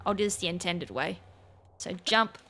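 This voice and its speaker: A woman's voice: lowish voice, expressive, moderate pace, pushed and bright. A woman hosting a gaming channel, chatting casually as she plays, thinking aloud, poking fun at her own mistakes and breaking into sudden exclamations. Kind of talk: casual let's-play commentary.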